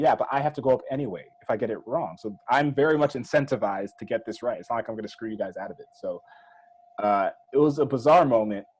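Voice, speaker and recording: A man co-hosting a casual podcast, explaining in a measured way and often trailing off lower. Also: darkish tone, slightly rough, low-quality recording. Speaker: podcast co-host. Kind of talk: casual recap chat.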